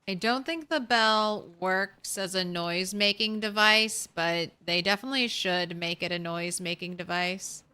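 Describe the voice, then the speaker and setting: A woman's voice: mid-range voice, moderate pace, few pauses, bright, forceful tone, smooth. A woman streamer chatting casually with her viewers while playing a game, rambling and talking to chat. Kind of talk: casual gameplay commentary.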